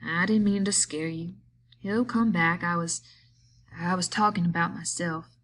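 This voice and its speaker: A woman voicing a bitter, lonely man who taunts a friend, in a slow, drawling rural way of talking. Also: fairly low pitch, steady tone, fairly bright tone, a little hiss or hum. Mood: brooding.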